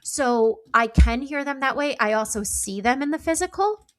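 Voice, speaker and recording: A woman's voice: high voice, normal speed, a bit bright. Earnest middle-aged woman explaining. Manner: explanatory, earnest, uses many likes. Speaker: psychic guest. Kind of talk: interview conversation.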